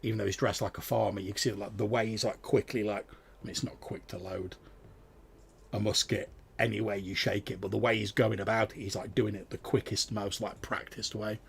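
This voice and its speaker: A man running a tabletop game, describing scenes loosely with plenty of fillers. His voice sits low and gravelly, with a husky edge. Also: level tone, fairly quick. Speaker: game master.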